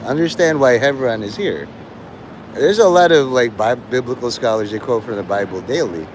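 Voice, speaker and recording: A man's voice: medium pitch, animated, moderate pace, a little hiss or hum, poor audio. Rambling, profane male livestreamer. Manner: rambling, profane, jumps between topics. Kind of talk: rambling live-stream monologue.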